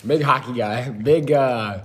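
A man's voice: medium pitch, slow, slight background noise. A teenage man hosting a casual podcast, joking and laughing often, talking while chewing. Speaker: podcast host. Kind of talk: casual chat.

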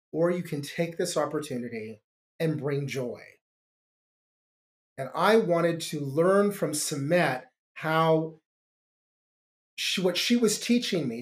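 Earnest middle-aged man telling his story. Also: sits high. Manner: earnest, halting with restarts. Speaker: podcast guest. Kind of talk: reflective storytelling.

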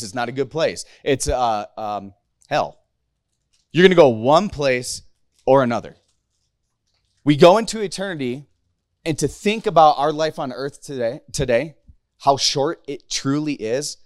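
A man's voice: medium pitch, no room sound, studio quality. A man in his thirties giving a casual, emotional sermon to a youth group, candid and rambling with frequent restarts. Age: 30s.

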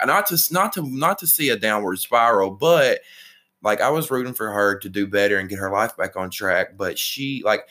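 A man's voice: on the low side, sharp tone. A man co-hosting a casual chat, rambling and swearing freely as he tells a story. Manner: rambling, profane, lots of restarts. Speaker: podcast co-host. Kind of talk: casual pop-culture chat.

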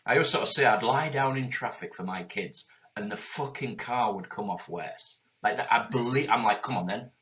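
A man's voice: medium pitch, lively intonation, normal speed, hardly any pauses, fairly bright tone. A man in his forties speaking in a passionate, emphatic and heavily profane conversational way as a guest. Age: 40s.

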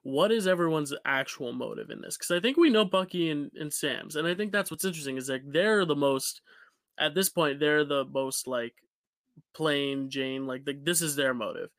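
A man's voice: a little high, normal speed, a bit bright, no room sound, clean studio sound. A man co-hosting a podcast, talking in a laid-back way with lots of "like" and easy laughs. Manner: laid-back, says "like" often, laughs easily. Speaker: podcast co-host. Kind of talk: casual podcast chat.

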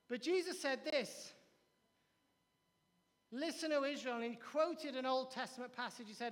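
A man's voice: very high-pitched, moderate pace, pauses often, big-room sound. A man preaching a sermon as pastor, emphatic, with repeated phrases and acted-out quotes. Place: church.

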